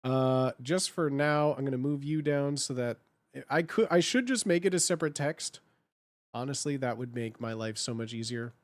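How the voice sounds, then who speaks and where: A man's voice: mid-range voice, moderate pace, no room sound. A man chatting casually on a live stream while he edits slides, thinking aloud and repeating his phrases.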